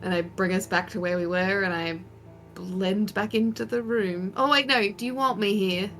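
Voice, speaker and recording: A woman playing a tabletop game, quick and self-correcting. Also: mid-range voice, steady tone, fairly bright tone, soft background music. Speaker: player.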